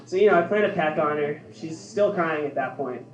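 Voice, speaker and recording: A young man doing a stand-up set in a deadpan way, laughing at his own jokes. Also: on the high side, a little fast. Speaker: stand-up comedian. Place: bar social club stage, heard from afar. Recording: echoey club from far off.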